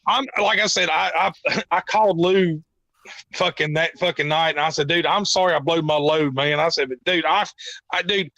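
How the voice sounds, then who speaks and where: High, bright-voiced swearing man. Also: normal speed, no echo. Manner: rambling, profane storytelling. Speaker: podcast guest. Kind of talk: casual chat.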